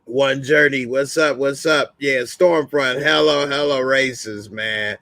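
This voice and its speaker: A relaxed man hosts a casual live stream, reading out chat and answering it. He talks at an unhurried, slow pace and laughs easily. His voice is dry and close to the mic. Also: medium pitch, no room sound.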